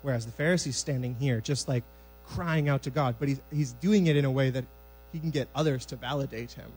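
A male preacher talks through scripture in a casual, conversational way, with a middle-pitched voice. He acts out the scenes with lively energy. A faint music bed and electrical hum sit under the recording. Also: brisk, low-quality recording. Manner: conversational, animated acting-out of scripture. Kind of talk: sermon. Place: church sanctuary.

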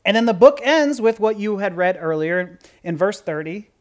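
Preacher, playful and expressive, lively pitch; delivers a conversational sermon with sudden loud bursts. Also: moderate pace. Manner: animated, joking, swings from quiet asides to loud outbursts. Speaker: pastor.

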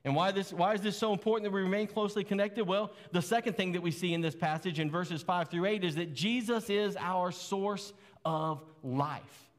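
A man's voice: high-pitched, moderate pace, in a large hall. A man preaching a sermon as pastor, earnest and conversational, with rhetorical questions.

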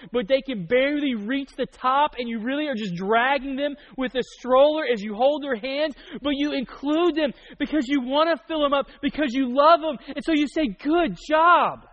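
High-voiced young man preaching a sermon. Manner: conversational and joking, with quick asides. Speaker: pastor. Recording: dull lo-fi recording.

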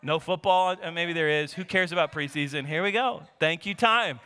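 A man preaching a sermon in a church sanctuary, his voice high and bright. He acts out the characters' lines with lively energy, and a long reverb trails behind every word. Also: moderate pace, clean tone. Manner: animated preaching, acting out Bible characters' lines. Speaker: pastor.

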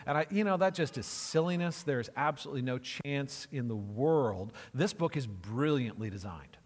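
A man's voice: medium pitch, lively intonation, normal speed, in a large hall. A man preaching a sermon as pastor, emphatic and conversational, repeating phrases for effect.

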